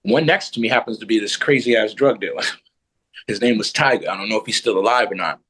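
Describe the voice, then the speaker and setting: A man's voice: fairly low pitch, a little fast, a bit bright, breathy edge, rough recording. A man telling a personal story as a podcast guest, blunt and profane.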